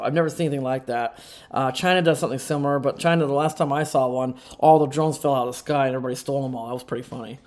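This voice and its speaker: A man's voice: fairly high pitch, a little mellow. A man hosting a casual live stream, rambling with sarcastic asides and frequent chuckles. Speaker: livestream host.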